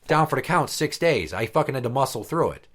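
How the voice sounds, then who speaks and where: A man's voice: medium pitch, fairly quick. A man co-hosting a podcast, telling a story in casual chat with lots of swearing. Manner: profane, animated storyteller. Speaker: podcast co-host.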